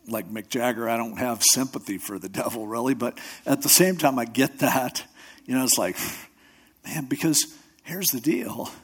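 With a husky, medium-pitched voice, a man who pastors a church and hosts a radio show delivers a conversational sermon. He tells stories, acts out quotes in other voices, and talks loosely, restarting and adding asides.

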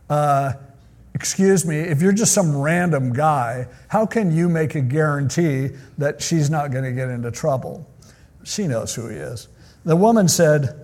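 A man's voice: on the high side, lively intonation, moderate pace, a little mellow. A male pastor teaching from the Bible in a casual, joking way with chatty asides.

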